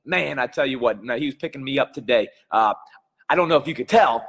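A man's voice: mid-range voice, animated, a little fast, fairly bright tone, slightly rough, big-room sound. A man hosting a live stream as a coach, chatting energetically and greeting viewers by name while a little under the weather.

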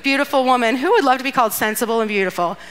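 A woman, a guest speaker at a church youth event, delivers a casual, playful sermon in a fairly high, very fast voice with a fairly bright, clear, resonant tone. Chatty and playful, she retells a Bible story, acting out characters with asides and laughs.

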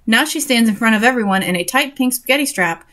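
Young woman, slightly high voice, sarcastic reader mocking a story between passages. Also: expressive, fast talker, bright, forceful tone. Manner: sarcastic and exasperated. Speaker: reader and commentator. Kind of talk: reading a story aloud with mocking asides.

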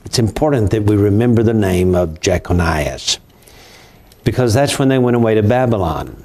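A man's voice: on the low side, expressive, normal speed, darkish tone. Older man discussing scripture. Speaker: Bible prophecy show host. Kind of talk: conversational Bible study.

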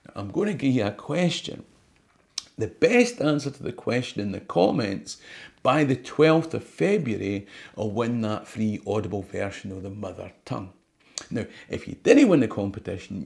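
A man's voice: mid-range voice, creaky, a little mellow. A Scottish man hosting his own channel, talking to camera in a chatty, wry way and dropping Scots words into his English. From Scotland. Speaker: history tour guide and channel host. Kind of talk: casual talk to camera.

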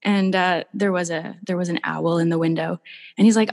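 A woman artist telling stories in a casual interview, gushing and animated. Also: on the low side, moderate pace, creaky, long reverb tail. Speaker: artist guest.

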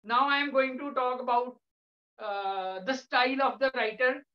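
A male English lecturer with an Indian English accent, patiently explaining to a class with frequent pauses. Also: very high voice, fairly even intonation. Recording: echoey room, dull lo-fi sound.

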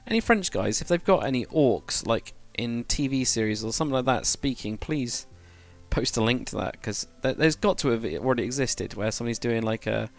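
A man's voice: mid-range voice, lively intonation, brisk, gravelly, hardly any pauses, soft background music. Chatty man streaming. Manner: rambling, self-correcting, chatty with viewers. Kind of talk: casual live-stream chat while building.

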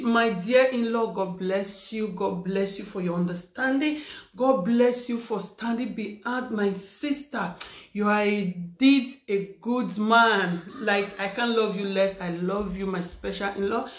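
A woman's voice: mid-range voice, steady tone, moderate pace. A woman, talking fervently in a birthday vlog, repeating her phrases and praying aloud. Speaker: vlogger. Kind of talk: heartfelt birthday vlog with prayers. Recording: echoey room.

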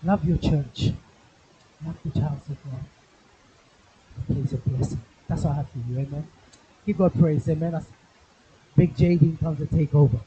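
A man's voice: fairly high pitch, fairly even intonation, normal speed, pauses often, breathy edge, dull audio. A man preaching as an evangelist in church, praying fervently with repeated pleas. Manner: fervent, repetitive pleading prayer. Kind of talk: sermon with prayer and tongues. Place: church hall.

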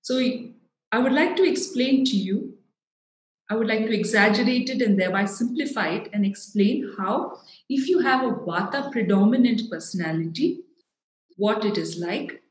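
A woman's voice: fairly high pitch, animated, normal speed. Earnest South Indian woman in an echoey hall. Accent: South Indian English. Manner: earnest, emphatic, explanatory. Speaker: speaker giving a talk. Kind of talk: public talk.

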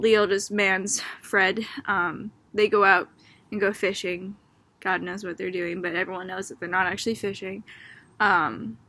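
A woman's voice: medium pitch, pushed and bright. A young woman from Boston with a Boston accent, a student chatting casually about a book she read, full of "like" and "um" and often amused. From Boston, Massachusetts. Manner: chatty, filler-heavy with frequent "like" and "um"; amused, laughing as she talks.

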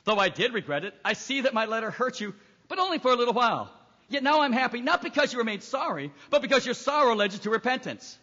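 A man preaching in a big echoing hall, his voice sitting very high and sounding bright and forceful. He reads scripture aloud and drives his points home with emphatic, acted-out lines. The recording is dull and lo-fi. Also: lively intonation, quick pace. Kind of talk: sermon.

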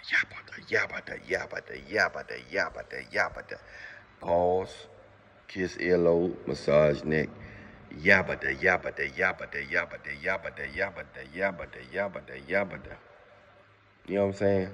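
A man's voice: low voice, darkish tone. A man giving casual relationship advice in a rambling monologue, repeating himself and filling his talk with constant fillers. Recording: long hall reverb.

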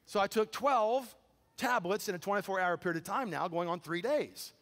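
A man preaching a sermon, telling a story with animated, incredulous quoted dialogue. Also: sits high, normal speed. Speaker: pastor. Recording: long hall reverb.

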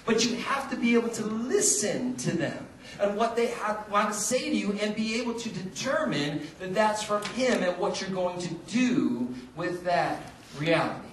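A male pastor with a high voice delivers an animated sermon, acting out conversations as he tells his story. He is heard from a distance in a roomy church sanctuary, with faint background noise. The sound has a lingering echo. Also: normal speed, hardly any pauses. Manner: lively, animated storytelling with acted-out dialogue.

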